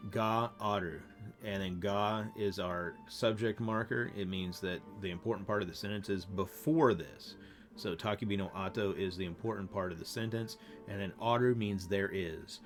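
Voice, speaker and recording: Man losing his voice, explaining grammar. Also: sits low. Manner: relaxed, halting explanations with fillers. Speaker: language teacher. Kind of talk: casual gameplay lesson.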